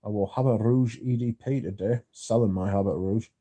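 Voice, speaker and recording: A man's voice: fairly low pitch, fairly quick, warm tone, no echo. A man hosting a casual livestream, reading viewer comments aloud and answering them with dry, sardonic banter. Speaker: livestream host.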